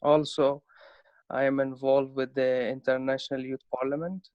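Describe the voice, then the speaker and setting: A man's voice: mid-range voice, little pitch movement, normal speed, clear, resonant tone, dry recording, lo-fi sound. A man from Afghanistan introducing himself on a video call, hesitant with many fillers. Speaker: youth delegate.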